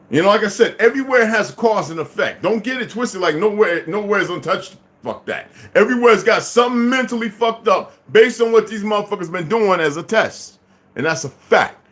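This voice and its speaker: A man's voice: sits high, a bit bright. A man in his fifties delivering a heated, profane, unscripted monologue as a vlogger.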